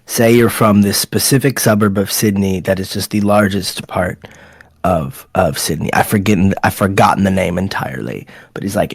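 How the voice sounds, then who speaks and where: A man hosting a casual radio chat, telling stories and now and then sliding into an impression. His voice sits on the low side, and the sound is close and dry, as on an online voice call. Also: moderate pace, gravelly, breathy edge, dry recording. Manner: chatty storyteller, drops into impressions. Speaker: radio show host.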